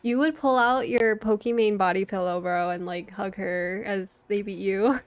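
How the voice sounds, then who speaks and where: A woman's voice: mid-range voice, a little slow, hardly any pauses, dry recording, soft background music. A young woman streaming a game, chatting playfully and crudely, often laughing at her own jokes. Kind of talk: casual gaming commentary.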